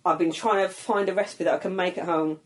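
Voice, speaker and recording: A woman's voice: fairly low pitch, fast. A woman, a comedian telling stories in a casual podcast chat, swearing freely and acting out quotes. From Scotland. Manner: swearing, animated storytelling with shouted quotes. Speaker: comedian guest.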